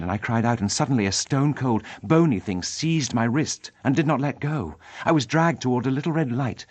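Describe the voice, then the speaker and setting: A man narrating an audiobook in a measured, dramatic reading style. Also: mid-range voice, breathy edge, dry recording. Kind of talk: scripted narration.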